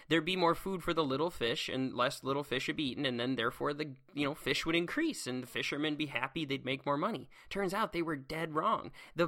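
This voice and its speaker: A man who teaches science, talking in an excitable, rambling solo monologue full of restarts. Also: a little high.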